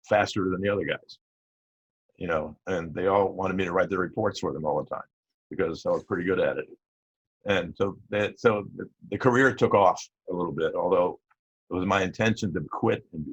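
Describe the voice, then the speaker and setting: An older man, a retired police captain, telling stories from his life in a rambling, halting way full of fillers and restarts. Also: deep voice, breathy edge, dry recording. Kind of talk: casual storytelling interview. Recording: dull lo-fi audio.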